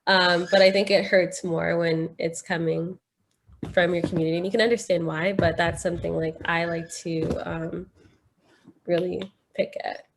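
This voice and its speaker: Woman, panelist, reflective, slightly low voice, faint background noise. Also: level tone, vocal fry. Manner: reflective, measured with hesitations. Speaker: panelist, artist. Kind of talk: candid panel conversation.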